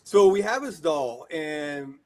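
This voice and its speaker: A man in his forties from the United States, telling rambling, animated stories as a guest in a casual interview. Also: fairly high pitch, slow. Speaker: guest, horror shop owner.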